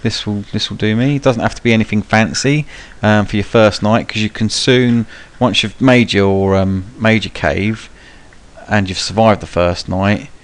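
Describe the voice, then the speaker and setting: A man's voice: fairly low pitch, fairly even intonation, normal speed. A young man giving casual, rambling live commentary for a gameplay tutorial, with frequent ums and cheeky swearing. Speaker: gaming channel host.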